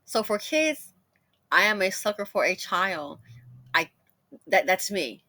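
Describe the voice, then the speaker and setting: A middle-aged woman tells her own stories in a loose, chatty commentary, laughing freely along the way. Her voice is bright and forward, and her pitch swings widely from phrase to phrase. The recording is close and dry, with no room sound around her. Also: very animated, takes it slowly, no echo. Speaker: commentator host. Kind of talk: casual storytelling commentary.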